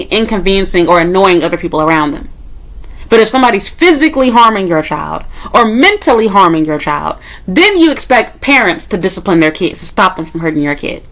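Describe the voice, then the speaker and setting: A woman's voice: medium pitch, a bit bright, rough recording. A woman vlogger ranting straight to the camera, blunt, sarcastic and full of swearing, her voice jumping up sharply when she makes a point. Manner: blunt, profane and exasperated; sarcastic, with mocking asides. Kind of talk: monologue rant to camera.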